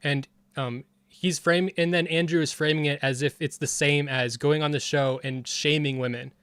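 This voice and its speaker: A man's voice: a little high, fairly even intonation, moderate pace, a bit bright, clear, resonant tone, no echo, clean studio sound. A man commenting casually on a debate clip, heated and rambling with frequent restarts. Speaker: streamer reviewing a debate.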